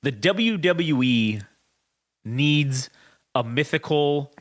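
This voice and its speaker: A man co-hosting a casual podcast chat, telling stories in an animated, profane way. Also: fairly high pitch, extremely slow. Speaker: podcast co-host.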